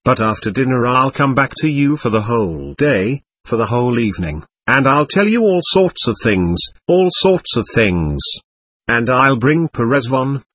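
A man reading the part of a proud schoolboy who talks quickly, gruffly and abruptly. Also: medium pitch, a bit bright. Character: proud schoolboy, brusque and hurried.

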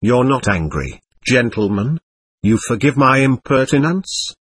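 A man voicing an excitable, proud nobleman under police questioning, talking on and on in a defiant way. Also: mid-range voice, unhurried, husky, no room sound. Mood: defiant, voluble. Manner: voluble, defiant, laughing nervously.

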